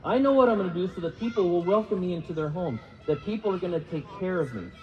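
A man's voice: high voice, lively intonation, fast. Man acting out an anxious scheming ancient estate manager, raised fretful voice, echoing hall, dull lo-fi sound. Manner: worried, rising self-questioning. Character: fired middle-aged male estate manager, anxious and scheming.

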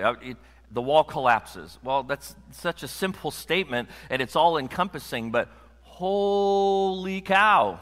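A man preaching a sermon to a congregation in a conversational, animated way, joking with the room. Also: mid-range voice. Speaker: pastor. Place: church sanctuary. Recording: long hall reverb.

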